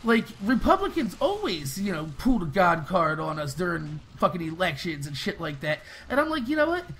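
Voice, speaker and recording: A young man hosting a gaming video, talking fast and rambling casually with lots of swearing. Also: on the high side, big pitch swings, a bit bright, slight background noise. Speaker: gaming channel host. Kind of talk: casual commentary over gameplay.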